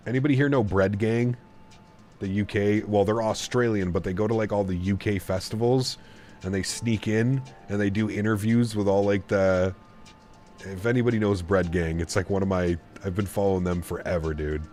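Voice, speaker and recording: A man's voice: on the low side, fairly even intonation, normal speed, a little mellow, soft background music. A man chatting casually on a live stream, rambling and reading viewer messages aloud. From Canada. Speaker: flight sim streamer.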